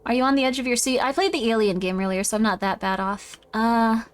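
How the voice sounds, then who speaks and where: A playful woman streamer chatting casually with her viewers during a horror game. Her voice sits high and bright in pitch, loose and chatty. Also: fast, smooth. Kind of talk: casual live-stream gameplay chat.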